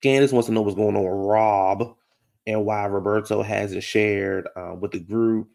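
Gravelly-voiced sassy man recapping gossip. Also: lowish voice, steady tone, a little slow, a little mellow. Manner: sassy, gossipy, calls listeners baby and honey. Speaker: reality TV recap host. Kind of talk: casual reality show recap commentary.

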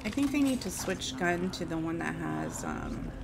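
This woman's voice is fairly low and gravelly, swinging hugely in pitch at a moderate pace, while she chats casually with viewers on a gaming stream. Background noise is present, and she sounds apologetic and easily startled.

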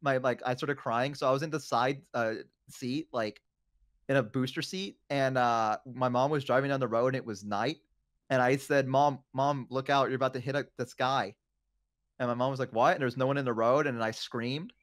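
A man's voice: medium pitch, fairly quick, dry recording, clean studio sound. A young man chatting casually and telling stories, rambling with lots of fillers. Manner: rambling, many fillers and restarts. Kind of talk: casual chat, storytelling.

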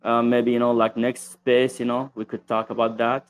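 A man's voice: medium pitch, monotone, normal speed. A man calling into a radio show, an Arabic speaker who talks in English, hesitant and evasive, full of fillers. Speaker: caller. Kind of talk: hesitant call-in talk.

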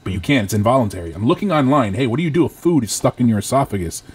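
Man, thirties, from Rhode Island, husky voice, profane storyteller, podcast co-host. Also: medium pitch, very animated, racing, darkish tone. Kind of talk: casual chat.

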